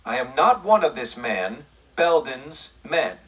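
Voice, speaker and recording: Brief: man reading as a young western cowboy, low pleasant drawl, husky, a bit off-mic. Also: very animated, takes it slowly, a bit bright, far from the mic, full character voice. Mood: polite. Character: drawling young male cowboy lawman, polite.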